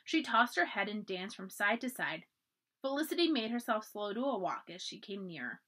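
A woman reading a children's storybook aloud for a library, with expressive, animated narration. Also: medium pitch, moderate pace.

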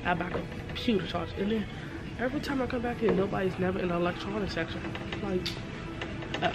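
Over music, a woman in her twenties talks quickly at a medium pitch, vlogging casually to a camera she holds or has set up herself. Her chat is packed with fillers and side comments to viewers, starting in a store and moving to her bedroom.

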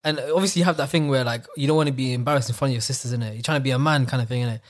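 Young guy on a podcast, talks fast, lively slangy storytelling. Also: medium pitch. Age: 20s. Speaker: podcast co-host. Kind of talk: casual chat.

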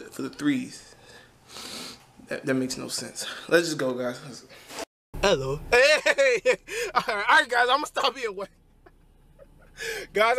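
Brash young man, high bright voice. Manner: brash, crude and joking, with loud shouted outbursts. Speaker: fitness vlogger. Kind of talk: casual vlog chat to camera. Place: gym and home.

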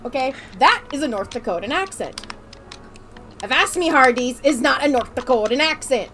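A woman's voice: high voice, expressive, normal speed, a bit bright, slight background noise. A woman streamer chatting while gaming, joking in mock pirate speech with a lot of swearing. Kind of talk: casual gaming chat.

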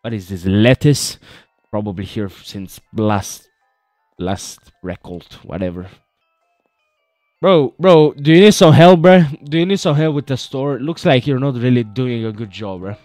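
A man's voice: medium pitch, unhurried, darkish tone, dry recording, studio quality, faint music behind. A young man joking his way through a horror game playthrough, chatting and calling everyone "bro". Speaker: gaming video host.

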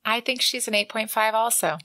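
A woman's voice: fairly high pitch, brisk, bright, forceful tone, no room sound. A woman co-hosting a book podcast, chatting casually and reading quotes aloud with a bit of acting. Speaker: podcast co-host.

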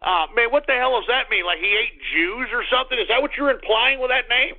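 Texan guy ranting on his internet radio show, kinda high voice, sounds like a phone line. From Texas. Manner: blustery, indignant, swings from slow drawn-out to fast ranting. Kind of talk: call-in radio talk show.

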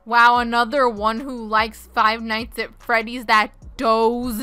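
A woman's voice: fairly high pitch, fairly even intonation, unhurried, pushed and bright, clean tone, no echo. A young woman giving playful, casual commentary over a game, often laughing as she reads other players' text aloud. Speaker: gaming video host.

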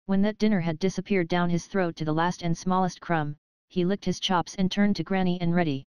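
A woman narrating a children's animal storybook audiobook in an even, measured reading. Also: on the low side, smooth, dry recording, dull audio.

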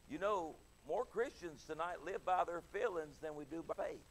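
A middle-aged man preaching an evening sermon with passion, dropping soft and then rising loud as he acts out pleading voices. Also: a little high, expressive, moderate pace, a little hiss or hum.

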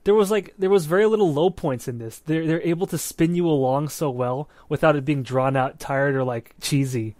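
A man's voice: on the high side, normal speed, hardly any pauses, no echo. A man co-hosting a movie podcast, talking casually and with plenty of swearing, often checking in with "right?". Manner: animated, profane, keeps checking in with "right?". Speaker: podcast co-host. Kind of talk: casual movie review chat.

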